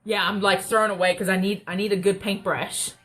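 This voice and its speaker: A woman's voice: mid-range voice, flat delivery, brisk, fairly bright tone. A young woman, rambling and joking through a casual live craft chat. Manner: rambling, chatty, self-mocking humor. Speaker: craft livestream host. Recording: faint background noise.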